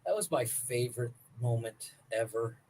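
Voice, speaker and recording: A man's voice: medium pitch, animated, normal speed, warm tone, low-quality recording. A man co-hosting a comedy podcast in casual banter, giggling and laughing between his lines. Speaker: podcast co-host.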